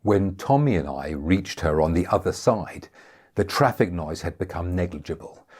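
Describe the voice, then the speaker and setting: A man reading his own novel aloud as a first-person audiobook, measured and dry. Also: sits low, expressive, darkish tone, husky.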